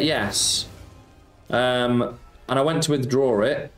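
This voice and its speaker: Speaking slowly in a mid-range voice, a man chats through a casual slots stream, reading viewers' messages and responding, using "mate" often. The sound is roomy and echoey, with music in the background.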